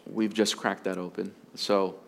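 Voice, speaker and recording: A man's voice: deep voice, little pitch movement, measured pace, creaky. A man preaching as a pastor, earnest and emphatic, often repeating his phrases for stress. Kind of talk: sermon on marriage.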